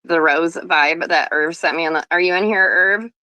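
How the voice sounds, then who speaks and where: A woman's voice: lowish voice, normal speed, bright, forceful tone, dry recording. A woman chatting on a livestream, rambling with lots of fillers. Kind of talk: casual livestream chat.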